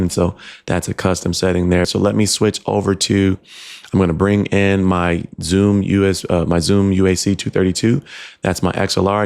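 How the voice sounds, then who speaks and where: A man with a very low, gravelly voice walks through a tech demo in his home studio. He talks in a relaxed, explanatory way, with plenty of ums and restarts as he clicks through settings on a desk microphone. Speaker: tech reviewer. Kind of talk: casual product demo. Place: home studio with computer fans nearby. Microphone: dynamic USB/XLR desk mic, switching to camera shotgun mic.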